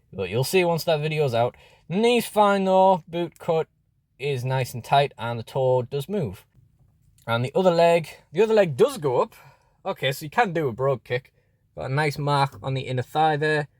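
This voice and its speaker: A man's voice: mid-range voice, a little mellow, dry recording. Guy doing a chatty toy review, lots of likes and restarts, mid voice, super dry sound. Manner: chatty, rambling, frequent fillers and restarts. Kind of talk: casual unboxing review.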